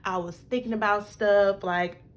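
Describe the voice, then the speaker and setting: A woman's voice: medium pitch, fairly even intonation, unhurried. A young adult woman telling a personal story to her viewers in a loose, chatty way, full of "like" and "y'all". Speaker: vlogger. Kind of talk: casual storytelling.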